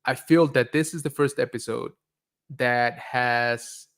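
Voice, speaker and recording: A man's voice: medium pitch, slow pace, clear, resonant tone. Casual stream host, male, easygoing, reads chat and riffs on it, mid-range voice. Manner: relaxed and chatty, reads comments aloud and reacts with laughs. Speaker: livestream host reading viewer chat.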